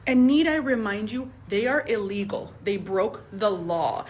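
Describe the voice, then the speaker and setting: A woman's voice: medium pitch, animated, unhurried, darkish tone, a little hiss or hum. A woman commenting indignantly, firing off rhetorical questions. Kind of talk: reaction commentary.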